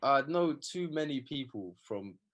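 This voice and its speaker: A young man from England, telling animated stories with lots of slang in a casual interview. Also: mid-range voice, measured pace, highs cut off. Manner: animated storytelling, slangy, acts out quotes. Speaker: guest.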